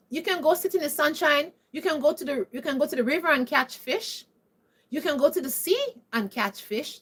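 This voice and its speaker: A woman talks straight to her viewers in a high, bright-pitched voice. She lectures emphatically and keeps firing rhetorical questions at them. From Caribbean. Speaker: vlogger. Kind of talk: opinionated monologue to camera.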